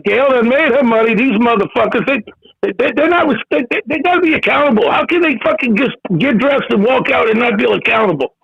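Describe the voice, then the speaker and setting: A man's voice: extremely high pitch, fairly quick, creaky, breathy edge. A man calling a sports show by phone, profane and despairing. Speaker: caller. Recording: muffled phone line.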